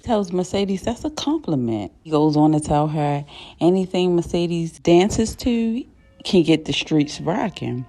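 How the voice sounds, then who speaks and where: Low, gravelly woman recapping a TV episode. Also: animated, warm tone, dry recording. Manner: casual, retells scenes with quick quoted dialogue and side comments.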